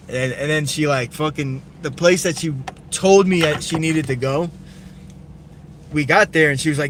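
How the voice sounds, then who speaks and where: A man's voice: fairly high pitch, a little fast, a bit bright, slight background noise. A young man chatting casually on a live stream while driving at night, telling a story loosely and swearing freely. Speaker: livestreamer. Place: inside a car at night.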